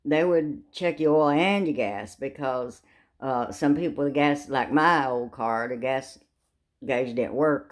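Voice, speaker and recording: An older woman telling a funny family story in a folksy way, with sound effects. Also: extremely low pitch. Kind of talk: casual storytelling.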